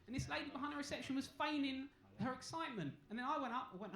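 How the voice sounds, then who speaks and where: A man's voice: very high-pitched, very fast, hardly any pauses, crowd noise. A young man doing a crude, cheeky stand-up set on a comedy club stage. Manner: cheeky, crude, deadpan storytelling. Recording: echoey club room, faint noise.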